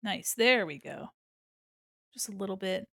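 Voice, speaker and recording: A woman's voice: medium pitch, expressive, a little slow, creaky, fairly bright tone, dry recording, studio quality. An American woman streaming her art, chatting casually and giggling as she thinks aloud while she draws. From United States.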